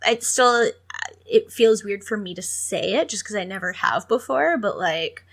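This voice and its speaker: A woman's voice: mid-range voice, unhurried. A young adult woman co-hosting a podcast, chatting casually, laughing easily and reading listener questions aloud. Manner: giggly, animated, reads listener questions aloud. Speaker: podcast co-host. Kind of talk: casual chat.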